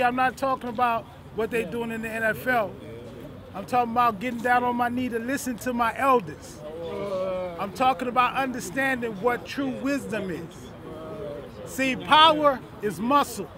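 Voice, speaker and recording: Preaching older Los man. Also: very high-pitched. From South Central Los Angeles. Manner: preaching, rhythmic repetition. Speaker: guest speaker. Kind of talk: outdoor speech to a crowd. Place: outdoor street gathering. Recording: crowd noise outdoors.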